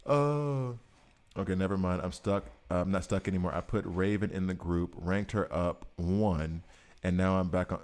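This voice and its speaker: Speaking at a moderate pace in a deep, darkish voice, a man in his thirties streams a mobile game. His commentary is relaxed, and he jokes with his chat as he plays.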